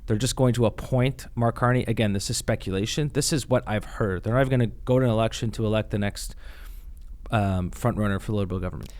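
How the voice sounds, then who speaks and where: A man's voice: on the low side, fast, darkish tone. A man from Canada co-hosting a political podcast, talking in a casual, chatty way and laughing often. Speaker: podcast co-host.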